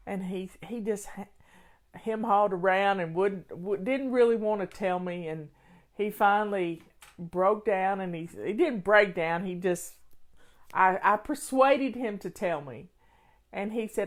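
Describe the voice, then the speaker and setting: A woman's voice: mid-range voice, animated, measured pace. An older woman from Tennessee with a Southern accent, a home organizing host chatting casually and telling stories in a folksy way. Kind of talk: casual chat.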